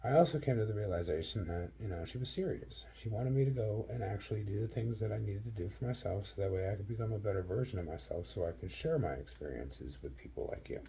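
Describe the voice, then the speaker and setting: Earnest low-voiced man telling a story. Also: expressive, fast, few pauses, slightly rough, muffled recording. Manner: earnest, acts out dialogue with sharp rises in pitch. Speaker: vlogger. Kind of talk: personal storytelling.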